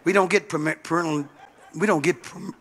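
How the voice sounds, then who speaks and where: A man's voice: fairly high pitch, fairly quick, fairly bright tone. A male pastor preaching a sermon in an emphatic call-and-response style.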